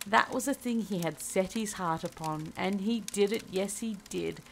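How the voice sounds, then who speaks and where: Soft-spoken woman reading a bedtime story. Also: mid-range voice, unhurried, gravelly, a little hiss or hum, rough recording. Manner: soft, gentle reading with voiced character lines.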